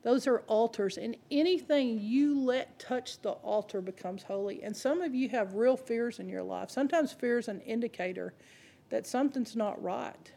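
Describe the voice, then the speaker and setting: Woman, preacher, higher-pitched voice, sermon, conversational, humorous storytelling. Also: moderate pace, creaky, mellow. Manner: conversational, addresses the congregation directly.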